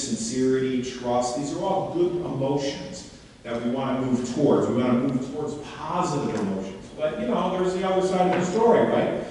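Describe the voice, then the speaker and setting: A man giving a live workshop demonstration to an audience and coaching a volunteer on stage in an animated, questioning way. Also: medium pitch, a little hiss or hum. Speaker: seminar speaker. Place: large hall before an audience. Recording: echoey hall, mic far off.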